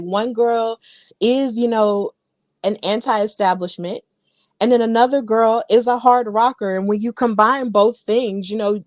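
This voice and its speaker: A woman's voice: fairly high pitch, darkish tone, no room sound. A woman in her thirties, a podcast co-host, chattily and enthusiastically recapping wrestling matches with many fillers.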